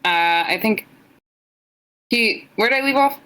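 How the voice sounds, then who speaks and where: A woman's voice: a little high, lively intonation, unhurried, bright, forceful tone, low-quality recording. A young woman co-hosting a podcast, blunt and joking as she reads fan fiction aloud in casual chat. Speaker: podcast co-host.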